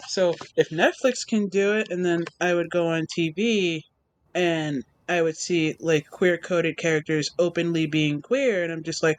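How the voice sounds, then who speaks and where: A young adult artist, a guest in a casual interview, telling stories in a lively way and acting out past reactions. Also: mid-range voice, a little slow, low-quality recording. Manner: animated storytelling, acts out own past reactions.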